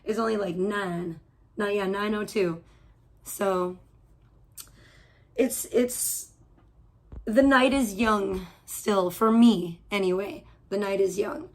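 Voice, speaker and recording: This livestream host broadcasts audio only from home, her mid-range voice steady and slow even as she delivers a heated, cursing, meandering rant full of restarts.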